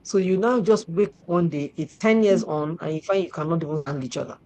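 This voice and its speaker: A middle-aged woman, hosting and telling stories in lively casual chat, repeating herself and laughing often. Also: fairly low pitch, brisk, poor audio. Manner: animated, repetitive, laughs often. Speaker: show host.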